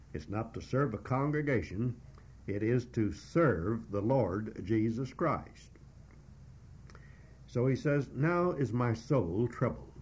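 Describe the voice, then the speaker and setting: A man preaching a verse-by-verse Bible exposition, teaching in a measured, emphatic way with frequent "uh" pauses. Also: medium pitch, a little mellow, slightly rough. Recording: dull lo-fi recording.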